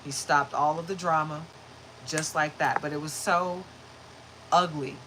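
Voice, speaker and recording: A woman's voice: deep voice, steady tone, a little slow, background noise. A woman hosting a spiritual reading livestream, talking casually and upbeat with frequent laughter and greeting viewers by name. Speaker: spiritual reader and livestream host.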